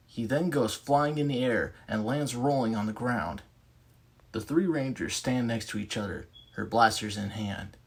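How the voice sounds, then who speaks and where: A man's voice: fairly low pitch, a bit bright, slightly rough. A man narrating his own homemade superhero story in a plain, earnest way. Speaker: narrator and writer.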